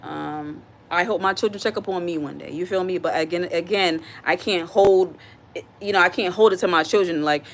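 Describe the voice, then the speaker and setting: A woman's voice: on the low side, moderate pace, a little hiss or hum. Chatty woman live-streaming from her kitchen. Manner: chatty, talks straight to viewers and reads out chat comments; earnest and heartfelt, repeats her points for emphasis. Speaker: livestream host. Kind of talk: casual live-stream chat while cooking. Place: home kitchen.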